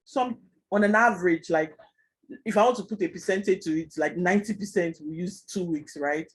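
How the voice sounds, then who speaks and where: A man teaching a Scrum class online, explaining fast and chatty with many fillers. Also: high voice, slightly rough, poor audio. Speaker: Scrum trainer.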